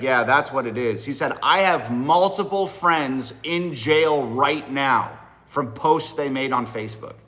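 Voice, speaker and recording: A man's voice: on the high side, bright, forceful tone. A man in his thirties hosting a casual livestream, talking in a blunt, profane and rambling way to his viewers. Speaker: livestream host and rapper.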